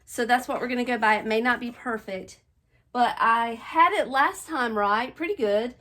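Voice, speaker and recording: A middle-aged woman with a slightly high voice talks through her decorating project at home. She sounds a little out of breath and chats easily to her viewers as she works. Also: moderate pace, pushed and bright. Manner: chatty, talking to viewers while working. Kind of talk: casual chat while decorating. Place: home bedroom.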